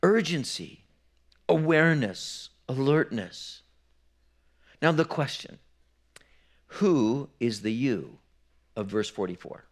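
A man's voice: mid-range voice, lively intonation, slow pace, pauses often. Male pastor preaching with "right?" checks. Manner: explanatory, frequent "right?" checks, repeats words when restarting. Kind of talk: sermon.

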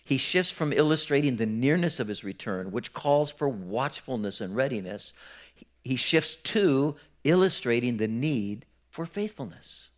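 Male pastor preaching with "right?" checks. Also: medium pitch. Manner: explanatory, frequent "right?" checks, repeats words when restarting. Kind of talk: sermon.

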